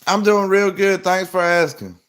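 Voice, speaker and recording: A man's voice: high voice, normal speed, fairly bright tone. Laid-back man chatting with viewers. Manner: laid-back, rambling, with plenty of "like". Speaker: livestream host. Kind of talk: casual livestream chat, answering viewer comments.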